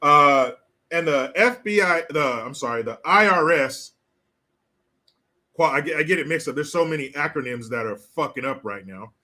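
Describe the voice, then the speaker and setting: A man's voice: a little high, animated, moderate pace, sharp tone. A man hosting a live stream, ranting with sarcastic, profane, mocking commentary. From California.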